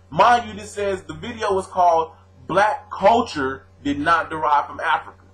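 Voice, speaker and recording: Here the Louisiana-born, West Coast-raised vlogger talks at normal speed with a fairly high pitch over a rough recording. Speaking straight to his audience, he argues with commenters in a lively, slang-heavy rant.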